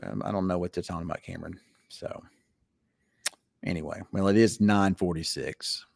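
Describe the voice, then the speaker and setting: Weather host, casual late-night chat, rambling and teasing, low dry voice. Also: male voice, fairly even intonation, moderate pace, gravelly, a little mellow, dry recording.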